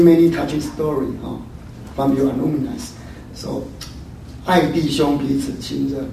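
A man teaches a Bible study sermon in a slightly high voice, ending his sentences with "huh?" or "yeah?" and restarting phrases. He is picked up from a distance in a very echoey room with faint noise underneath. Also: creaky, dark tone. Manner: tags questions with "huh?" and "yeah?", repeats words. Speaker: church teacher.

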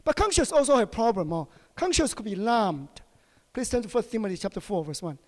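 Guy preaching, high voice, lots of uh and right?, long echo. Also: big pitch swings. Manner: asks the congregation short questions, halting with many fillers. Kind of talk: sermon. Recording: long hall reverb.

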